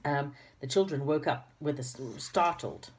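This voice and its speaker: A woman with a low voice reads a children's book aloud. She is relaxed and chatty and stumbles now and then over a word. Her asides are friendly and informal. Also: normal speed. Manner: chatty asides and small slips while reading. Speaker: reader.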